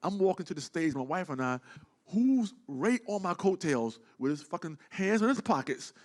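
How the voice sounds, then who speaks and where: A man telling a story in casual talk, animated and profane, acting out the people he quotes. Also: sits high, moderate pace. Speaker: guest.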